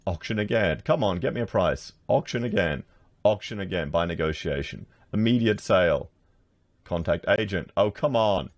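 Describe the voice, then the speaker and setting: A man's voice: deep voice, expressive, normal speed, no room sound. An Australian man chatting casually to his viewers, sarcastic as he browses house listings and addresses them as guys. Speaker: political commentator.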